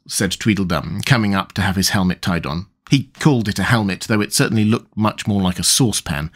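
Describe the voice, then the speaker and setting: A man narrating a storybook audiobook in an expressive, storytelling way. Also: fairly low pitch, a little fast, few pauses.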